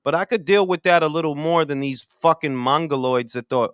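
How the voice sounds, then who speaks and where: A man co-hosting a casual boxing talk show, ranting in animated, profane bursts. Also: on the high side, a little fast, hardly any pauses, clear, resonant tone, no echo, clean studio sound. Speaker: podcast co-host.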